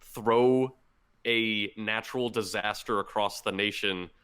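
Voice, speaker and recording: A man co-hosting a podcast, excitedly retelling a manga story in casual chat with lots of fillers. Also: on the low side, slow pace, clear, resonant tone. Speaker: podcast co-host.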